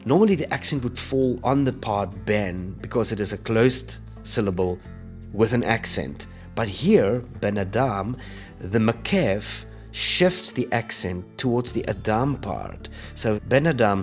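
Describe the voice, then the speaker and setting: A man with a lowish voice gives a patient, explanatory language lesson. He slows down to repeat example words clearly. Soft music plays faintly underneath. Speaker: Hebrew teacher.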